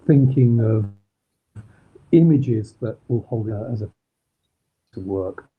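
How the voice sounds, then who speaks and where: Husky Manchester man over a tinny call. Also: medium pitch, animated, slow. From Manchester, England. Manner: rambling, many ums and restarts. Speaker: crime novelist guest. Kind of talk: casual interview chat. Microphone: video call. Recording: husky, phone-like video call audio.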